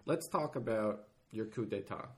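A man's voice: on the low side, animated, normal speed. Rambling, swearing man hosting a podcast. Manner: loose, profane, rambling. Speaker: podcast host. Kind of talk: casual podcast conversation.

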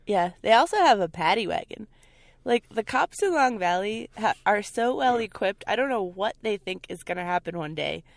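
A young woman in her twenties from New Jersey tells a story in a casual chat, with a mid-range voice and animated, loud bursts. The sound is close and dry, recorded outdoors. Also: medium pitch, moderate pace, vocal fry, no echo. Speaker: co-host. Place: outdoors by a canyon overlook.

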